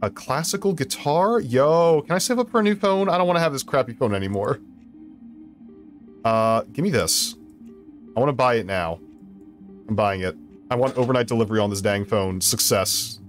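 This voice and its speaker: A young man commenting on a game he plays, excitable and goofy, often laughing. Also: mid-range voice, normal speed, long pauses, faint music behind. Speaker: gaming video host. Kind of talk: let's play commentary.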